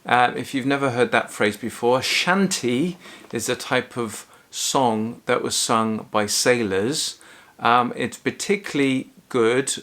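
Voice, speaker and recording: A man's voice: mid-range voice, takes it slowly, a bit bright. A male music teacher giving a friendly, casual lesson, explaining as he goes with frequent ums and small restarts.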